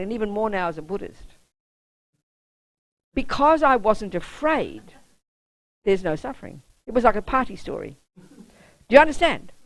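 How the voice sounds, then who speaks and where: A woman's voice: mid-range voice, no room sound, low-quality recording. A woman who is a Buddhist nun giving a public dharma talk, telling a personal story bluntly and often checking that the audience understands.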